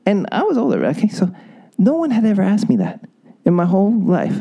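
A man's voice: high voice, very animated, a little fast, gravelly, warm tone, breathy edge, dull audio. A middle-aged man giving relationship advice as a podcast guest, coaching emphatically and acting out example lines.

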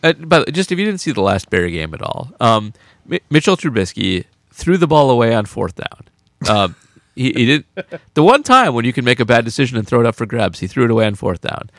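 A man co-hosts a casual sports podcast with a gravelly, lively voice. He is chatty and gleeful and laughs often. The sound is dry and close. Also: mid-range voice, brisk, dry recording. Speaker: podcast co-host, football writer.

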